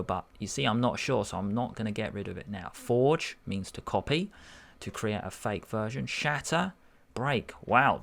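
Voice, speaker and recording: A man's voice: fairly low pitch, vocal fry, fairly bright tone. A man tutoring, working through a verbal reasoning test paper aloud and musing over each answer. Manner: musing, unhurried, self-correcting.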